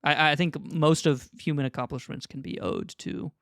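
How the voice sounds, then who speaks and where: A man's voice: fairly high pitch, expressive, normal speed, creaky, fairly bright tone, dry recording, studio quality. A man co-hosting a podcast in casual chat, rambling and laughing often. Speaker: podcast co-host.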